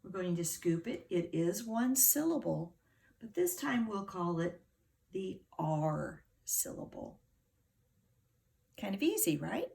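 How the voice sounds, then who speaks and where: A middle-aged woman teaching a phonics lesson to young children, sounding out words slowly and patiently. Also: mid-range voice, very animated, creaky, mellow. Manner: slow, patient, over-articulated sounding out.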